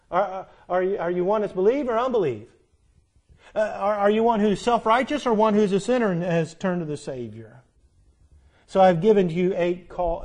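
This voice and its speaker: Preacher man, emphatic then pleading. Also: fairly high pitch. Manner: swings from loud emphatic preaching to quiet pleading; rhetorical questions, repeated phrases. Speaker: pastor. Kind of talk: sermon.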